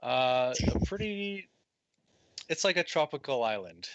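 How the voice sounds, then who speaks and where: A man's voice: mid-range voice, very animated, unhurried, lo-fi sound, slight background noise. A man narrating as game master of a tabletop game in an easygoing, descriptive way.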